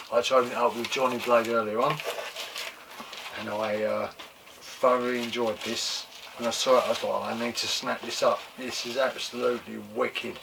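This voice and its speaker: A man hosting his own toy collecting show, chatting casually and excitedly, repeating exclamations, swearing freely and losing his voice a bit. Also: mid-range voice, gravelly, distant mic. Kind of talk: casual show-and-tell chat. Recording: mic set back from speaker, faint room noise.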